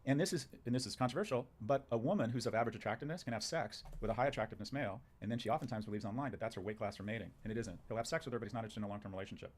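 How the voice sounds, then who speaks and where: A man's voice: fairly low pitch, very fast, hardly any pauses. A man speaking as a guest in a conversation, making emphatic, punchy declarations and arguing his points in short bursts. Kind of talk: opinionated conversation.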